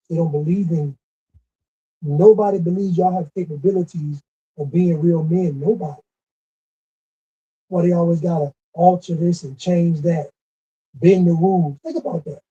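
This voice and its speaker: Commentator, male, husky and mellow, hammering points in a harsh rant, muffled lo-fi sound. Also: sits high. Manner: scolding, repetitive, emphatic. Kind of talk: ranting monologue. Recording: dull lo-fi recording.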